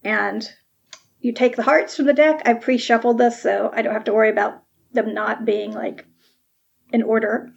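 A woman's voice: a little high, steady tone, normal speed, gravelly, husky, dull audio. A woman narrating a tabletop game as game master, describing scenes vividly.

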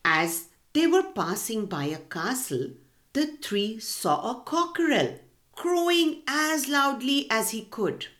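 A woman reading a storybook aloud to children in an expressive, slow and clear manner. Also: fairly high pitch.

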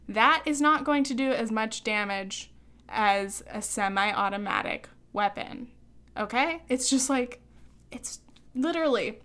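Woman podcast host, rapid heated rant, breathless, higher-pitched voice. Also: fairly bright tone. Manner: fast, heated, breathless ranting. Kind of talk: opinionated podcast monologue.

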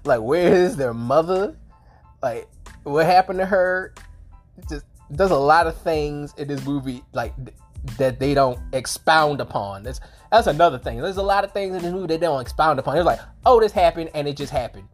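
A woman's voice: low voice, moderate pace, faint music behind. A woman with a sore throat giving a rambling, casual movie review, swearing freely and restarting her sentences.

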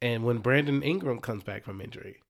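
A young man co-hosting a casual sports podcast, talking in an animated, exasperated rant. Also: medium pitch, a little fast, vocal fry. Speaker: podcast co-host.

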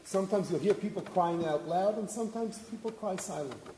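High-pitched man preaching in an echoey hall. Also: a little fast. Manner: earnest, explains with rhetorical questions and Hebrew quotes. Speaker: rabbi giving a Torah talk. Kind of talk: sermon. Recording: echoey hall with faint noise.

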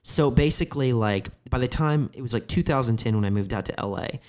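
This comedian guest, a man in his thirties, talks fairly quickly in a mid-range voice with a darkish tone. His candid stories wander, full of "like" fillers and frequent swearing.

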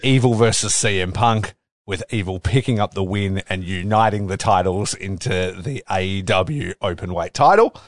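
A man with a fairly low voice co-hosts a casual wrestling podcast, chatting and laughing easily. He rattles off quick recaps. The sound is dry and close. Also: no room sound. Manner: laughs often, talks quickly when recapping. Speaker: podcast co-host.

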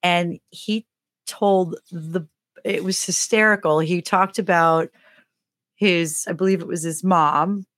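Lively middle-aged woman, lowish voice. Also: slow pace, no room sound, studio quality. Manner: animated, acts out the voices in her stories. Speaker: podcast co-host. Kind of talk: casual comedic storytelling.

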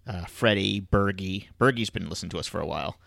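A man co-hosting a podcast in casual chat, easygoing and halting, with many fillers. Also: deep voice, creaky, fairly bright tone, no echo, clean studio sound. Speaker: podcast co-host.

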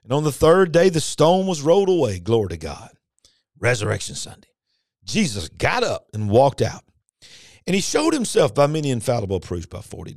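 Male preacher, fiery and emphatic, wide-ranging pitch. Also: huge pitch swings, a little fast, darkish tone, dry recording, clean studio sound. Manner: fervent, emphatic preaching with sudden high swells and rhetorical questions. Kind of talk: podcast sermon.

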